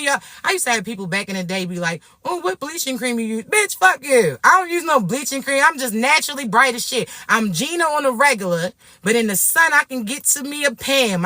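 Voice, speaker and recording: Brash, animated woman. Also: high voice, dry recording, clean studio sound. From Florida. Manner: brash, profane, animated storytelling. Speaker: vlogger. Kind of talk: casual rant to camera.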